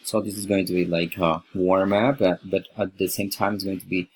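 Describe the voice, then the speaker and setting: A man's voice: low-pitched, level tone, fairly quick, slight background noise, low-quality recording. Hesitant man explaining a lesson plan. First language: Spanish. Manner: hesitant, many fillers and restarts. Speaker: English teaching student presenting a lesson plan. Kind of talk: unscripted video presentation.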